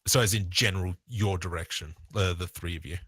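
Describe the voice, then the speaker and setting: A man with an Australian accent narrating a tabletop game as game master, relaxed and thinking aloud. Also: low voice, brisk, breathy edge, dry recording.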